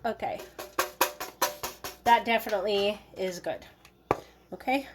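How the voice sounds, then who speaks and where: A woman's voice: medium pitch, slow, loud music behind the voice. A woman hosting a cooking video, chatting casually in a playful, joking way while she works in her home kitchen. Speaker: cooking vlogger.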